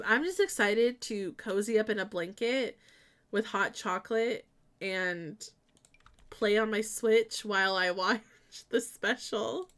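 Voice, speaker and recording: A woman's voice: mid-range voice, measured pace. Chatty giggly young woman streamer. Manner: chatty, giggly, bursts of excitement. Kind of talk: casual stream chat while building in a game.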